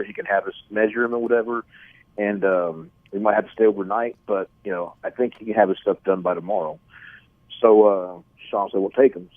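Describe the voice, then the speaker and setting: A middle-aged man with a Texan accent, a wrestling promoter telling animated stories in a phone interview, repeating words as he goes. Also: on the low side, no echo. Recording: tinny dry phone line.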